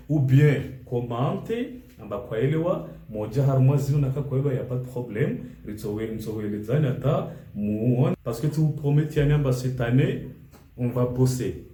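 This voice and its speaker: A man teaching an English grammar lesson, switching between English, French and a local language, reading example sentences out slowly. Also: medium pitch, warm tone, roomy sound, poor audio.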